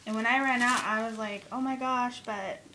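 A woman vlogger chatting casually as she unboxes a craft swap, gushing with excitement and breaking into gasps and squeals. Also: fairly high pitch, moderate pace, noisy background.

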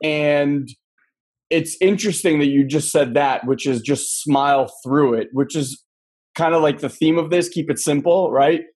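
A man's voice: a little high, normal speed, darkish tone, slightly rough. A man hosting an interview in a loose, chatty way with many fillers. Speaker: interview host. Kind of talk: casual interview.

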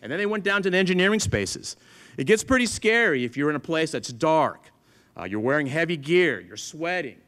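A middle-aged man gives an animated talk to an audience with a fairly high voice. He tells stories and acts out the lines of the people in them. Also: a little fast. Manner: storytelling, acts out dialogue with others. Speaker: museum chief engineer giving a talk.

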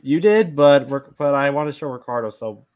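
A man chatting excitedly with friends in a group voice chat, laughing easily. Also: medium pitch, moderate pace.

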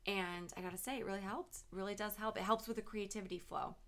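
A woman co-hosting a podcast, chatting casually and warmly with lots of fillers. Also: mid-range voice, steady tone, fast talker. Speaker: podcast co-host. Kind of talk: casual chat.

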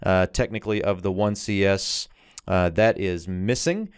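A man explaining Hebrew grammar verse by verse in a short lesson, pausing with fillers and slowing down to read out translations. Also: deep voice, clean tone, no room sound, clean studio sound. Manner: explanatory, with frequent "uh" fillers and slowed readings of Hebrew. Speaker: Hebrew teacher.

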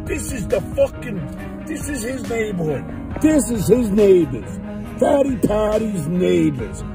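A man angrily ranting and shouting taunts outdoors in a neighborhood street, filming on a handheld phone. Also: high-pitched, sing-song, slow pace, music in the background. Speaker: vlogger confronting a critic. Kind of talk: angry street rant.

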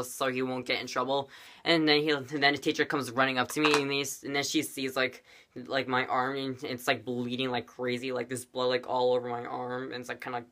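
Rambling bright-voiced male storyteller. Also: mid-range voice. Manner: rambling, many fillers, dramatic. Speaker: vlogger. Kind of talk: storytime vlog.

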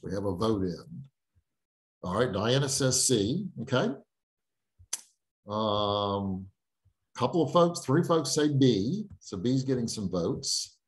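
A man's voice: on the low side, expressive, slow, pauses often. A middle-aged man teaching a writing class online in a conversational way, thinking aloud with fillers and restarts. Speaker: writing instructor. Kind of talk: online lecture.

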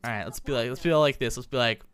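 A young adult commentating a life-simulation game in a casual, slangy, excitable way, laughing often. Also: medium pitch, fast, smooth. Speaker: gameplay commentator. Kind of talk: casual Let's Play commentary.

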